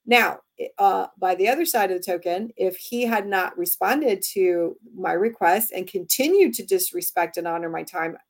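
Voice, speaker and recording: Animated woman author telling stories. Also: medium pitch, moderate pace, few pauses. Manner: animated storytelling, acts out quoted dialogue. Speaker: author and guest. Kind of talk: conversational interview.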